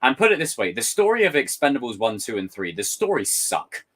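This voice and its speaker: A man streaming live and reading out chat, talking casually and ranting in an animated, exasperated way, swearing freely. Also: mid-range voice, brisk.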